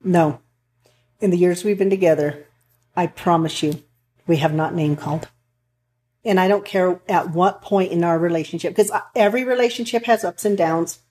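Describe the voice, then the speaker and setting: Woman counselor, low mellow voice, earnest, rambling casual chat. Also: normal speed. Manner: earnest, rambling with restarts and storytelling. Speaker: counselor for couples and families.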